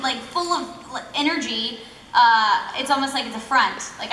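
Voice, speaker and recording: A young woman from Texas fields audience questions at a convention panel, chatty and animated. Her voice is bright and a little high, and it rings in a big echoey hall with faint crowd ambience. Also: normal speed, distant mic, slight background noise. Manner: chatty and animated, many fillers. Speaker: voice actress panel guest.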